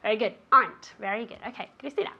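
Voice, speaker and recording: A woman's voice: high voice, animated, normal speed, fairly bright tone, dull audio. A woman teaching an English lesson on a show, encouraging a student and the viewers at home, often checking in with "okay?". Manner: encouraging, ends phrases with "okay?".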